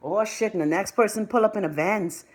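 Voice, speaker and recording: A young Bahamian woman hosting a live stream, chatting loudly to her viewers, gossipy and swearing freely. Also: mid-range voice, a little fast. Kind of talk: casual live-stream chat.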